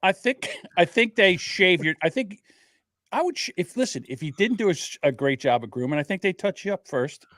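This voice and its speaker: A man riffs crudely in animated podcast banter. His voice sits a little above the usual male range. It is recorded dry and close. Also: sits high, normal speed, no echo. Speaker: podcast co-host.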